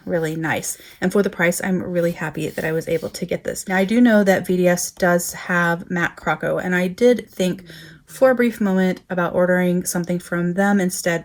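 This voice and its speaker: Chatty female vlogger, lowish voice, casual talk to camera, repeats words for emphasis. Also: darkish tone. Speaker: planner vlogger.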